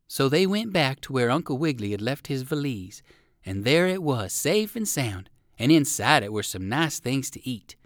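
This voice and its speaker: A man reading a children's storybook aloud with warm, expressive storytelling. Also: mid-range voice, moderate pace, no echo, clean studio sound. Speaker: reader. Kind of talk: storybook narration.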